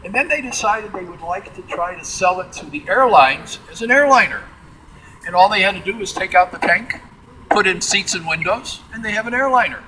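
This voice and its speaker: A man leads a museum tour in a big hangar, spinning lively anecdotes. His voice is high and bright. A faint hum of background noise sits under it. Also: a little fast, low-quality recording. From Midwestern United States. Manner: animated, acts out quotes in character voices. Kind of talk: storytelling tour talk. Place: large museum hangar, indoors.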